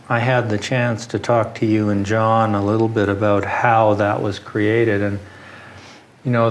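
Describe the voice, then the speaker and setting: A man's voice: lowish voice, slight background noise. A man hosting a conversation, asking long, rambling questions with hesitant restarts. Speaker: interviewer, lawyer. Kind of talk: hosted conversation.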